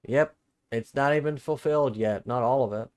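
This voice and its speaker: A man with a mid-range, darkish voice reads scripture at a moderate pace on a live-streamed Bible study. Thinking aloud, he rereads verses and repeats phrases as he puzzles over them, dropping casual, plain-spoken asides between the formal readings.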